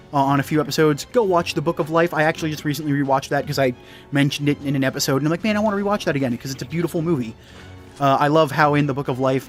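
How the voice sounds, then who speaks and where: A young man with a Canadian accent, a gaming YouTuber rambling through casual chat and often correcting himself. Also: on the high side. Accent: Canadian English.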